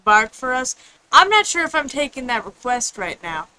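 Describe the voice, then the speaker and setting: Woman game streamer, bright clear voice, slightly high, rambling casual chat, faint room hiss. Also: sing-song, moderate pace, low-quality recording. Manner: chatty, rambling, reads chat aloud. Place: home room with others nearby.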